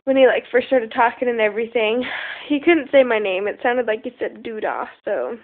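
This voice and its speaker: A woman's voice: a little high, lively intonation, normal speed, narrow, tinny audio. A young woman telling a rambling story in casual talk, full of fillers and the odd swear word, recorded on a phone. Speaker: vlogger.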